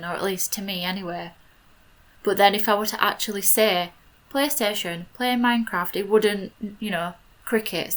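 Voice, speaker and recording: A bright, slightly low-pitched woman's voice with a Yorkshire accent. She is in her twenties and rambles chattily through casual game commentary, scattering "like" through her sentences. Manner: chatty and rambling, with many "like" fillers. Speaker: video creator. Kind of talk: casual commentary over a game speed build.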